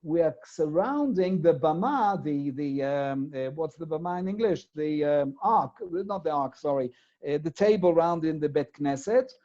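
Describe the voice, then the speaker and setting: A man teaches a Torah lesson in a mellow, warm voice. He builds his point step by step and keeps asking rhetorical questions. The recording is dull and lo-fi. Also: on the high side, lively intonation, moderate pace.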